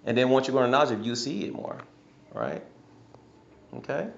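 A man's voice: mid-range voice, sing-song, fairly quick, creaky. A man who is a pastor leading a casual group discussion, talking conversationally and often checking in with the group. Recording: roomy, dull recording.

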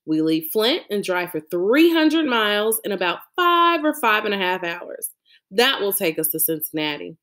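A woman reading a novel aloud as a lively first-person storyteller. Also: medium pitch. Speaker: audiobook reader. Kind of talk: audiobook narration.

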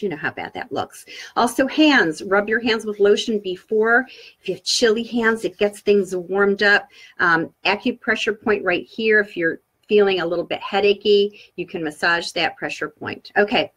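A woman with a mid-range voice gives an upbeat training talk on public speaking, live-streamed through a webcam or laptop mic. She coaches her viewers with lively inflection.

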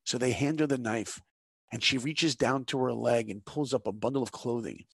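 A man's voice: medium pitch, normal speed, vocal fry, a bit bright, husky, no room sound, studio quality. A middle-aged man, a guest on a conversation show, telling a story in an earnest, preacher-like way and asking his listeners rhetorical questions. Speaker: guest, animation director.

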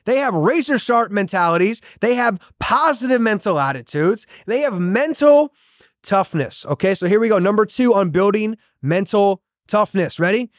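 A man's voice: high voice, lively intonation, moderate pace, no room sound, clean studio sound. A man in his thirties hosting a motivational show, preaching with punchy emphasis and repeated catchphrases. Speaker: motivational podcast host. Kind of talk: motivational monologue.

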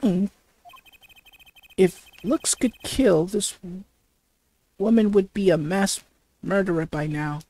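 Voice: mid-range voice, slow pace, pauses often, warm tone. Flustered young male lawyer, stuttering game read, voiced by a let's player. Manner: hesitant and flustered, with heavy stutters. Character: young male defense attorney, nervous. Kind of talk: reading game dialogue aloud.

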